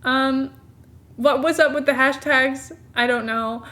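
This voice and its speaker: A woman's voice: high voice, steady tone, takes it slowly, bright, forceful tone. A young woman streamer chatting casually, giggling often and poking fun at herself. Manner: giggly, self-mocking, chatty. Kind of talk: casual live-stream commentary.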